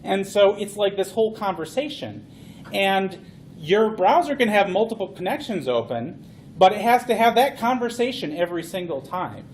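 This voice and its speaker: A man giving a conference talk, explaining things in an animated, playful way. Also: sits high, normal speed, a little hiss or hum. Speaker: conference speaker.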